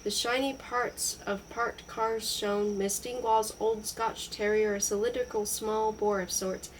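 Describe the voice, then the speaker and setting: A woman reading literary prose aloud in a slow, measured narration. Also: mid-range voice, fairly even intonation, recorded from a distance, a little hiss or hum, low-quality recording. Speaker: audiobook reader.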